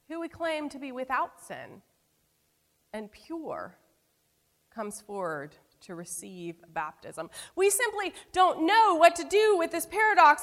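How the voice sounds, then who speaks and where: A woman pastor delivering a sermon, telling a personal story with emphatic phrases that drop to hushed, slow endings. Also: on the high side. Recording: long hall reverb.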